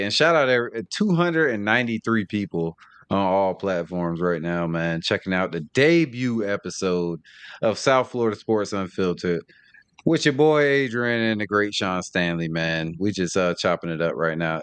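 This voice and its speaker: A man's voice: sits low, clear, resonant tone. A man co-hosting a casual sports podcast, bantering in a laid-back, slangy way. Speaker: podcast co-host.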